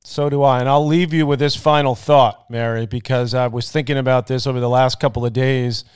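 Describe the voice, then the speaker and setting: A man's voice: medium pitch, fairly even intonation, a little fast, darkish tone, smooth. A man from New York hosting a podcast, telling stories and reminiscing in a casual interview. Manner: storytelling, reminiscing. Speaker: podcast host.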